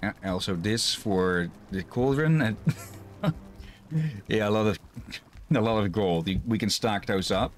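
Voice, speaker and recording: Gaming streamer, man, low unhurried voice, relaxed and chuckly. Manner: relaxed, laughs often, thinks aloud. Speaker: streamer playing a co-op game. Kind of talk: casual gaming chat.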